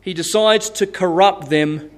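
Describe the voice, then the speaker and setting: A man preaching a sermon as pastor, telling Bible stories in a lively way and laughing at his own tales. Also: high-pitched, measured pace.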